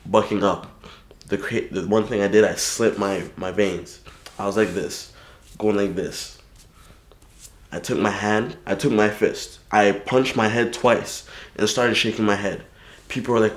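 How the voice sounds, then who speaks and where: A man, a krump dancer, telling his story in an interview, lively at times and subdued at others. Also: unhurried. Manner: animated when telling battles, low and subdued about his past. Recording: roomy echo.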